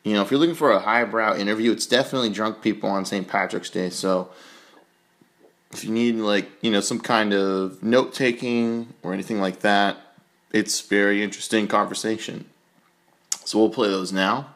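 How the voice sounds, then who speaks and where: A man's voice: fairly low pitch, steady tone, normal speed, a bit bright. A young man hosting a podcast, telling a rambling, self-mocking story full of fillers. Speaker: podcast host. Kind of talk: casual storytelling.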